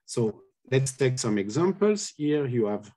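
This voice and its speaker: A man's voice: medium pitch, very animated, a little slow, dark tone. A man giving an academic colloquium talk on linguistics, explaining step by step with many hesitations and self-corrections. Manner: hesitant, many filler sounds. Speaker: linguistics lecturer.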